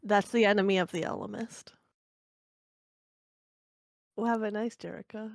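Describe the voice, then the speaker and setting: A woman's voice: medium pitch, moderate pace, creaky, no echo. A woman co-hosting a podcast, chiming in with dry wisecracks during casual chat.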